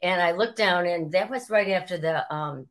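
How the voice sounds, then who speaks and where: A woman, a former sports reporter telling stories as an interview guest and acting out quotes as she goes. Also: normal speed. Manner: animated, acts out quotes with rising pitch. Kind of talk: storytelling interview.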